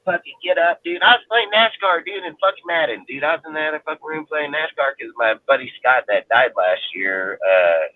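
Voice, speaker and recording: A man's voice: on the high side, expressive, fairly quick, hardly any pauses. A man from Northern California telling a personal story as a roundtable panelist, blunt and heavy on swearing, with "dude" in nearly every line. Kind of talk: casual storytelling. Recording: tinny phone-line audio.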